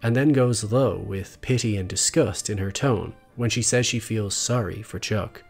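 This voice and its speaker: A man narrating a scripted video essay in a measured, analytical way. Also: fairly low pitch, vocal fry. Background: faint background music.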